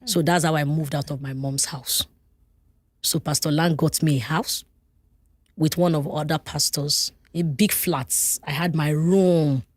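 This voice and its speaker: Nigerian woman guest, lower voice, dry close mic, animated personal storyteller. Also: a little slow, husky, dry recording. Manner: animated, vivid retelling with laughter. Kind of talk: personal storytelling in a podcast interview.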